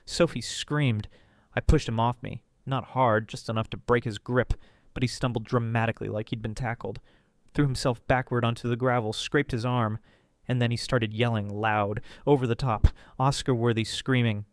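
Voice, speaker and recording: Male storyteller, smooth and resonant, close dry mic, dramatic first-person read. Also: steady tone, moderate pace, no room sound. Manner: dramatic, voices characters with pitch jumps. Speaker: story narrator.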